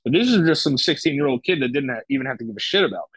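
A young man talks through a personal story in an easy, rambling way, restarting sentences and swearing freely. His voice is of average pitch and sits dry and close to the mic. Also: animated, racing, breathy edge, no echo, rough recording. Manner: loose, profane, lots of fillers and restarts. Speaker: guest. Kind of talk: casual storytelling.

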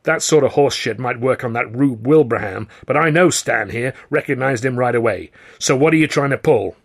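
A man voicing a burly, gruff male American theatre boss who growls and barks his words, in a husky voice. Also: mid-range voice, moderate pace. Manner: growling, barking.

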